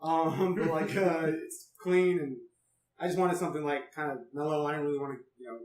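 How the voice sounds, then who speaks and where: A man's voice: a little high, level tone, fairly quick, darkish tone. A man hosting a podcast in a casual chat over drinks, laid-back, swearing freely and laughing often. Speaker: podcast host. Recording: echoey room, mic at a distance.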